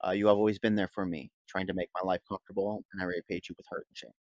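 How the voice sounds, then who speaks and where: A man's voice: low voice, flat delivery, racing, no room sound. A man playing a tabletop game, speaking an earnest in-character apology. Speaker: player. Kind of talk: tabletop role-play.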